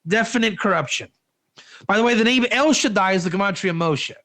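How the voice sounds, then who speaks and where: A Torah teacher leads an informal class in a high, bright voice at a quick pace. He rambles between points and keeps tossing in rhetorical questions.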